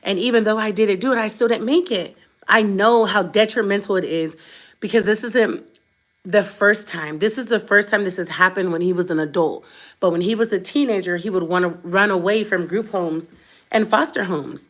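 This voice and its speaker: A woman's voice: medium pitch, normal speed, fairly bright tone. A tired woman vlogger and mother, talking straight to camera in a blunt, defiant, chatty way. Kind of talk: unscripted direct-to-camera rant.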